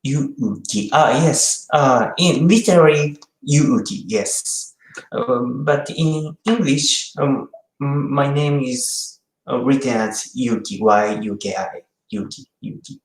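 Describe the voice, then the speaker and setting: Slow Japanese-accented man, echoey room. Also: medium pitch. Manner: slow, repeats words to teach pronunciation. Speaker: live streamer. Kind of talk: casual live stream chat, reading comments.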